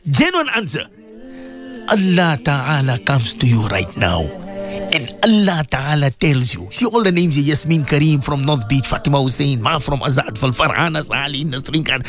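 A man's voice: fairly high pitch, animated, normal speed, faint music behind. A man hosting a live religious radio show, speaking with impassioned repetition and addressing his listeners directly from a studio mic. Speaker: radio presenter and Islamic preacher.

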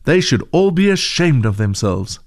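A man's voice: medium pitch, sing-song, moderate pace, no echo, clean studio sound. A man voicing a lonely, bitter old woman who complains and grumbles, in a storybook reading.

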